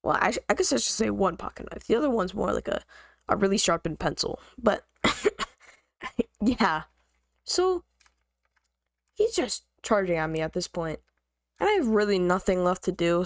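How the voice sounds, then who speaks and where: A woman vlogger tells a story in slangy, joking chat, her pitch leaping up and down. Her voice has a gravelly edge and sits close and dry to the mic. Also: no room sound. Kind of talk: casual storytime.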